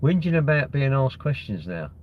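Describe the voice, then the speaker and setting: A man's voice: medium pitch, sing-song, moderate pace, highs cut off, a little hiss or hum. A young man hosting a casual livestream, reading out comments and bantering with sarcastic, rambling jokes. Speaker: livestream host.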